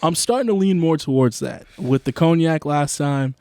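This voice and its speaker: A man's voice: fairly high pitch, normal speed, mellow, dry recording. A young man co-hosting a casual podcast, joking and easygoing, often trailing off mid-sentence. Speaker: podcast co-host. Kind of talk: casual chat, tasting whiskey.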